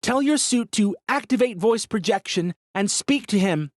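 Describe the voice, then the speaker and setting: A woman's voice: medium pitch, lively intonation, moderate pace, darkish tone, dry recording, studio quality, pitched above the performer's own voice, lightly acted. A man reading an audiobook voices a desperate woman imploring others to act. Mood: pleading. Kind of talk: audiobook character voice.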